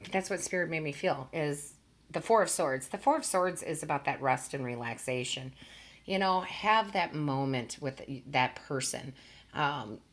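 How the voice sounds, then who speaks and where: A woman's voice: sits low, fairly bright tone. A woman tarot reader talking casually to her viewers, earnest and gushing, often stumbling over her words.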